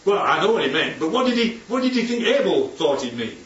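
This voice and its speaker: High, lively man teaching scripture. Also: fairly quick. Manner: keeps checking in with the audience, asking questions. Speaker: Bible teacher. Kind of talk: informal Bible teaching to a group. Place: room with a group of listeners. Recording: distant, dull, roomy recording with faint noise.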